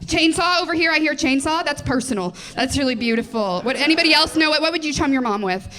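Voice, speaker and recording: A young woman comedian in her twenties works a club crowd into a handheld mic, and her voice sits high and bright. She rattles through her material in a self-deprecating way, breaking into little laughs and tossing questions to the audience. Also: lively intonation. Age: 20s. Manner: quick, self-deprecating, giggly delivery with audience crowd work. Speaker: stand-up comedian. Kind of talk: live stand-up set.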